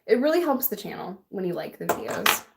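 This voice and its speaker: A woman's voice: medium pitch, big pitch swings, a little fast, gravelly, heavy background noise. A young adult woman vlogger chatting casually and bluntly while doing her makeup, laughing often and answering a live chat.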